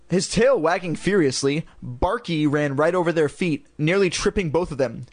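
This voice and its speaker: A man narrating a storybook in parody, with deadpan crude ad-libs. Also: a little high, moderate pace, hardly any pauses, no room sound.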